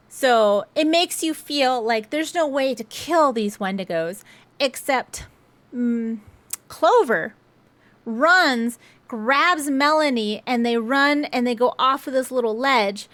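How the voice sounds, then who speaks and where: A woman's voice: a little high, a bit bright, no room sound. A young woman chattily recapping a film's plot with sarcastic asides, as a movie reviewer. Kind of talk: casual spoken film recap.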